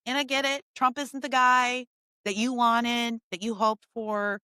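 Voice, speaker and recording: A woman's voice: fairly high pitch, level tone, unhurried, pushed and bright, smooth, no echo, clean studio sound. Blunt, fired-up woman host. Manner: fired-up, blunt, with emphatic repetition. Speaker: podcast host. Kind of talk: opinion monologue.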